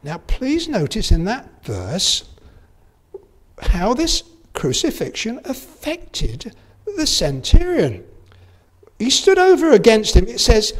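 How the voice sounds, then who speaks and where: A preacher delivers a sermon at an unhurried pace, leaning hard on key words. The voice climbs and falls with lively swings of pitch, building to fervent peaks before dropping low. Scripture is read aloud in old King James wording. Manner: emphatic, rising to fervent peaks.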